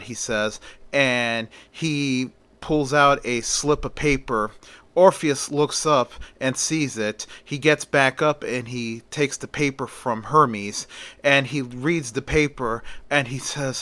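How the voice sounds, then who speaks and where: A man's voice: mid-range voice, steady tone, unhurried, bright, forceful tone, no room sound. A man casually retelling a story in a conversational way, with fillers.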